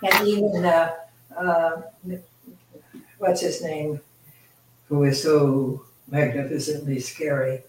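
A woman's voice: low-pitched, fairly even intonation, slow, long pauses, slight background noise. Give me an older woman answering a fan question at a convention, gracious and hesitant, in an echoey room far from the mic. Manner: gracious, hesitant, searching for names. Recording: roomy, distant mic.

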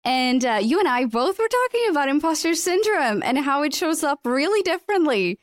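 A woman whose first language is Portuguese, hosting a podcast and telling stories in a lively, casual way. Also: sits high, brisk, no room sound, studio quality. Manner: animated storyteller. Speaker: podcast host. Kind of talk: casual interview chat.

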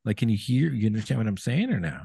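A man with a very low, husky voice, talking loosely over a laptop call from a brewery taproom. His tone is dark and mellow, the sound close and dry, and he rambles with plenty of restarts. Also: quick pace, dry recording. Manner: relaxed, rambling, lots of fillers and restarts. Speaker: podcast host. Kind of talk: casual chat over beers. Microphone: laptop video call.

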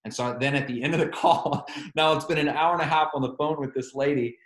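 A man's voice: fairly high pitch, quick pace, a bit bright, roomy sound. A man preaching a sermon, telling a story with animation and quoting both sides of a phone call.

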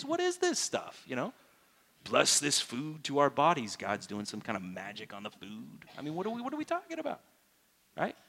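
A pastor preaching to his congregation, a man with a mid-pitched voice. He talks straight to the listeners with question after question and leaps higher and louder when he stresses a point. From United States. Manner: animated, rises sharply for emphasis and mock-prayer voices; asks the congregation direct questions. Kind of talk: sermon.

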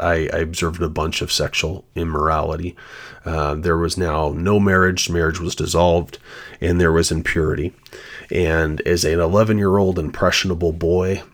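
A man hosting a devotional podcast, speaking in an earnest, reflective way and sharing his own story. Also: sits low. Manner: earnest and reflective, shares personal testimony. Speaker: podcast host.

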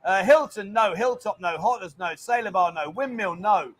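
A man's voice: sits high, moderate pace, fairly bright tone. A man hosting a casual livestream from his bar lounge, chatting and reading out viewer comments. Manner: chatty, banter-filled, reads viewer comments aloud. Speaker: bar owner and livestream host.

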